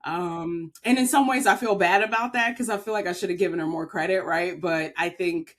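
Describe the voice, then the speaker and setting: A woman's voice: fairly low pitch, fairly quick. A woman from Maryland, a podcast guest, telling a personal story in an earnest, heartfelt way with frequent filler words. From Maryland, USA.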